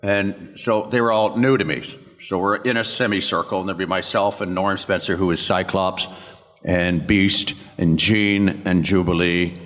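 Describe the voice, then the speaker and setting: A man's voice: low-pitched, steady tone, normal speed, fairly bright tone. Older man telling rambling anecdotes in a hall. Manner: rambling anecdotal, acts out others' lines and laughs. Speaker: voice actor, convention panel guest. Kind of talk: convention panel storytelling. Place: convention panel room. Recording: long echo of a convention hall.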